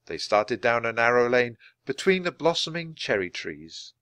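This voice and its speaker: Brief: clear male audiobook reader, animated delivery, dry close recording. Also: mid-range voice, moderate pace, no room sound. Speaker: storybook reader. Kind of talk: audiobook narration for language learners.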